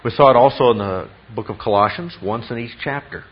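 A man's voice: medium pitch, fairly quick, breathy edge. A man preaching an expository sermon as a pastor, teacherly, often checking in with rhetorical questions. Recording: dull lo-fi sound.

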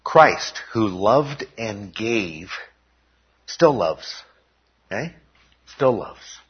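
During a church service, a man preaches expressively in a fairly low voice with a breathy edge, drawing out his words. He teaches his congregation step by step and keeps asking "okay?" The recording sounds dull and lo-fi.

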